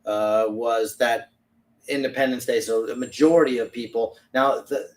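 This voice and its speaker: A man's voice: mid-range voice, steady tone, normal speed. Middle-aged guy chatting loosely on a podcast, sounds a bit far from the mic. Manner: rambling, chatty, reads viewer comments aloud. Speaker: podcast co-host. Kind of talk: casual livestream chat. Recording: distant from the mic.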